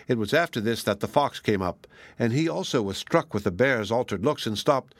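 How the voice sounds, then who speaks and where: Guy reading a fairy tale, steady pace, mid voice, dead dry room. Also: mid-range voice, brisk, no echo. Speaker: narrator. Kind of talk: storybook reading.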